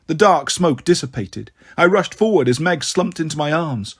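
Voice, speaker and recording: A man reading an audiobook aloud in first person, with expressive, dramatic delivery. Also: fairly high pitch, normal speed, hardly any pauses, husky. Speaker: storyteller. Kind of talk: audiobook narration.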